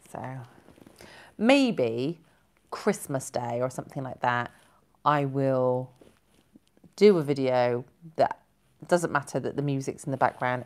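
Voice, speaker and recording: Low-voiced chatty woman. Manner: chatty and giggly, rambling with self-corrections. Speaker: live-stream host. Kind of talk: casual live-stream chat reading viewer comments.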